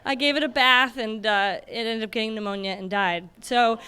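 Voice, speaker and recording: A young woman from Michigan telling a personal story on stage, animated and laughing often as she acts out the moments. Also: a little high, normal speed, clear, resonant tone. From Michigan, USA. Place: stage before a live audience.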